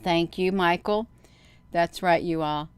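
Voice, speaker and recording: A middle-aged woman hosting a video, chatting casually to viewers, counting out loud and getting excited. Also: lowish voice, slow, smooth, dry recording. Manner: counts aloud, talks straight to viewers. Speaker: video host. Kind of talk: casual screen-share commentary.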